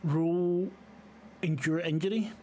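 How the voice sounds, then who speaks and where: A man's voice: a little high, fairly even intonation, slow pace, dark tone, a little hiss or hum. A man running a tabletop horror game as game master, describing scenes with frequent ums and uhs. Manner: hesitant, many fillers.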